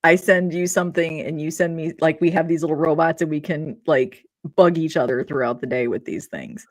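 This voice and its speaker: A woman co-hosts a relaxed podcast in a slightly low voice. She giggles often and rambles, restarting her sentences as she chats. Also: fairly quick. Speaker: podcast co-host. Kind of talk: casual chat.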